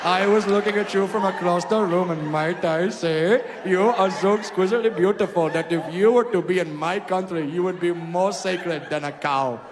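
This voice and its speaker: A man voicing an overly formal, flowery suitor with an Indian accent who grows loud and insistent. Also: high-pitched, moderate pace, hardly any pauses, noisy background, close to an everyday voice. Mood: florid courting. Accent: Indian (put on). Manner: flowery, overly polite, escalating to shouting. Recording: reverberant club hall, loud crowd.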